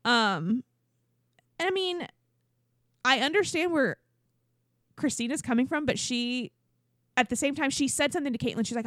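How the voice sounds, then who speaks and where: A woman's voice: high voice, lively intonation, normal speed, pauses often, fairly bright tone, dry recording, studio quality. A woman co-hosting a podcast, chatting casually and filling her talk with likes and ums. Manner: chatty, lots of likes and ums, acts out quotes. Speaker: podcast co-host. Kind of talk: casual chat recapping reality TV.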